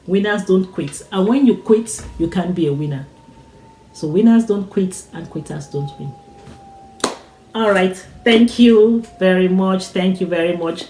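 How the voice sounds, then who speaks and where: In a low-quality, reverberant recording, a woman with a fairly low, mellow voice gives a motivational talk. She presses listeners forward, repeating phrases with the cadence of a preacher.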